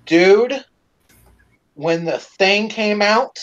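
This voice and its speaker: Male stream host with a fairly high voice, casual, profane, animated storyteller, slightly lo-fi audio. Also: very slow. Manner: animated, profane, lots of fillers.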